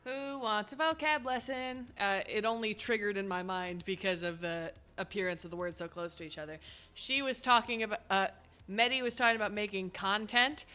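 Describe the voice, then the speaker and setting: A woman's voice: medium pitch, a little fast, sharp tone, clear, resonant tone. A woman streaming a game, chatting casually and rambling through explanations with lots of fillers.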